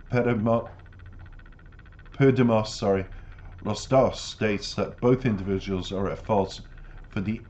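A man's voice: on the low side, a little mellow. A man hosting a music reaction channel, giving reflective commentary and earnest, emphatic life advice. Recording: dull lo-fi audio with faint noise.

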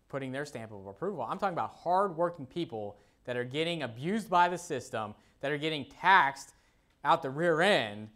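A man's voice: medium pitch, a bit bright. A man preaching a sermon as pastor, talking casually with frequent "okay?" and "you know", reading scripture aloud and repeating verse references. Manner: reads scripture aloud in King James wording; repeats verse references while the congregation finds them.

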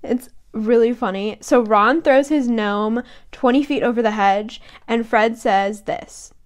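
A woman's voice: on the high side, unhurried. A young woman co-hosting a podcast, chatting casually about a book and giggling as she reads quotes aloud in voices. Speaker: podcast co-host.

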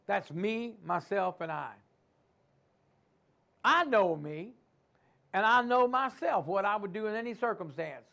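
A man's voice: sits high, vocal fry, a bit bright. A man preaching a sermon in a church, calling out to his congregation and acting out the inner voices of doubt. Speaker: pastor.

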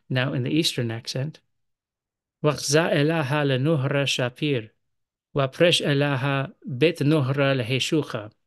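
A man with a gravelly, creaky voice teaches a study lesson in a measured way, reading verses aloud in ancient languages and explaining them. His voice sounds dry and close, with no room echo. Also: mid-range voice.

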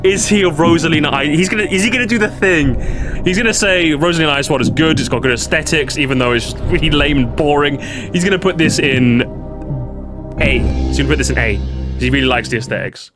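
A man giving excited reaction commentary, making predictions and pleading with the screen. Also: fairly high pitch, fast. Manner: animated, predicting and pleading, bursts of laughter. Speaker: reaction streamer. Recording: music playing under the voice.

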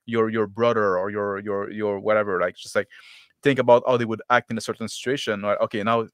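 A man's voice: lowish voice, level tone, a little fast, dry recording, studio quality. A man on a gaming panel in casual chat, explaining at length and ending his points with "right?". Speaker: panelist game master.

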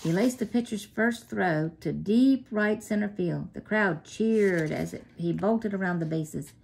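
A woman narrating a children's story in a steady, clear way. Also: medium pitch, unhurried.

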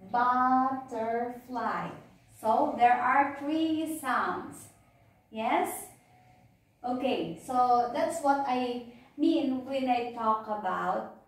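Slow, patient woman teacher in echoey room. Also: on the high side. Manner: patient, repeats words and checks "okay?". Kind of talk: slow classroom phonics lesson. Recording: echoey room, distant mic.

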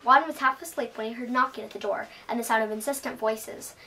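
A woman reading a children's story aloud at a bookstore with an expressive read-aloud delivery. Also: fairly high pitch, quick pace, a little hiss or hum. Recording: voice from a distance.

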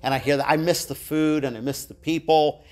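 Middle-aged guy teaching bible class at church, kinda high voice, chatty, pokes fun at himself. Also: fairly even intonation, a little fast, darkish tone. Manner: conversational, self-deprecating storytelling with asides to the class. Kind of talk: live church Bible lesson.

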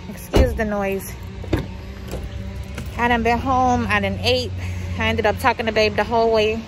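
A woman's voice: fairly high pitch, steady tone, normal speed, over music, rough recording. A pregnant woman, chatting casually to her viewers as a vlogger, a bit out of breath, calling them y'all. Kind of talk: casual vlog chat to viewers. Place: car, then doctor's office.

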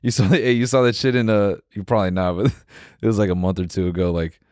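A man's voice: fairly low pitch, fairly even intonation, quick pace, darkish tone, no room sound, studio quality. A man co-hosting a podcast in casual comedic chat, laid-back, swearing often and laughing a lot. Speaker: podcast co-host.

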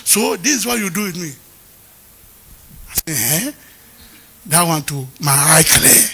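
A man, a pastor preaching a sermon with lively storytelling and acting out the people he quotes. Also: on the high side, measured pace, vocal fry, a little hiss or hum.

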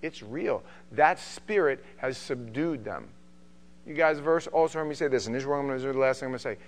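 A middle-aged man from New York with a New York accent, teaching a Bible study in a joking, animated way. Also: medium pitch, fairly quick. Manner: joking, animated, does mocking voices. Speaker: pastor.

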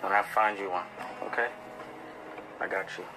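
A man's voice: low-pitched, level tone, normal speed, over a noisy crowd. A man in a casual home video, laid-back and boastful, talking in slang while handing out gifts. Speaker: boyfriend giving birthday gifts.

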